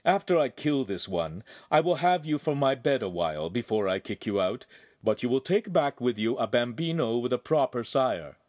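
A man's voice: mid-range voice, big pitch swings, a little slow, no room sound, studio quality. A man voicing an arrogant young swordsman villain, mocking and cruel in an audiobook. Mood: sneering. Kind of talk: audiobook narration.

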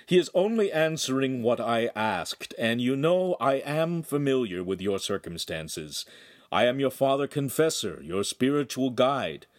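Male reader as a fatherly priest, stern yet soothing, lively storybook tone. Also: mid-range voice, a little slow, no room sound, studio quality, voice pushed up. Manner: soothing, preachy.

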